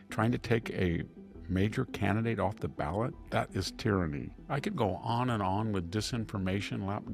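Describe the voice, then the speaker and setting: An older man giving unscripted political commentary, measured and methodical, ticking through points with restarts and pauses. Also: fairly low pitch, vocal fry.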